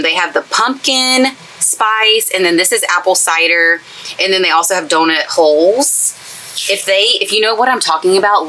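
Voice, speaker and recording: Bright-voiced chatty woman from East Texas. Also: fairly low pitch, a little hiss or hum, rough recording. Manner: chatty and gushing, talks while working with her hands. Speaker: craft YouTuber. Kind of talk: casual crafting tutorial chat. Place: craft space inside a toy hauler trailer.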